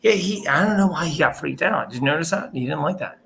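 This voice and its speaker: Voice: medium pitch, lively intonation, fast, gravelly, fairly bright tone. A co-host on a live stream, chatting casually and easily in a back-and-forth. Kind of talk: casual chat.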